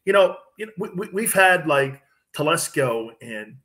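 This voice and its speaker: A man with a slightly high voice speaks at a moderate pace as a guest on a radio show, chatting casually about sports. He tells his stories animatedly and acts out what other people said.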